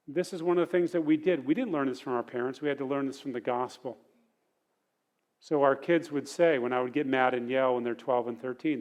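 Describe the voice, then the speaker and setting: A man's voice: a little high, normal speed. A middle-aged man teaching a parenting sermon at church in an earnest, conversational way.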